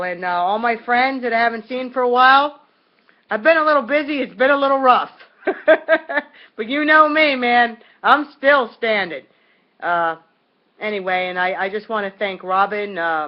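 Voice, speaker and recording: A woman's voice: on the low side, highs cut off. A woman recording a casual video message at home, talking in a rambling, colloquial way with lots of fillers and restarts. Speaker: vlogger speaking to viewers.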